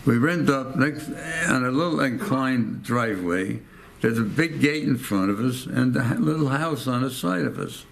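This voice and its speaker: Speaking at normal speed in an expressive, creaky, medium-pitched voice, an American man in his 90s rambles through a war story for an oral-history interview. He repeats his phrases and acts out quoted voices, with a little hiss or hum in the recording.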